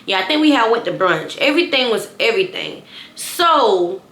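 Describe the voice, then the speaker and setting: A woman's voice: on the high side, big pitch swings, normal speed, fairly bright tone. A young adult woman telling a personal story to her viewers in a casual storytime. She talks to them directly, often restarting and repeating phrases. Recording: echoey room.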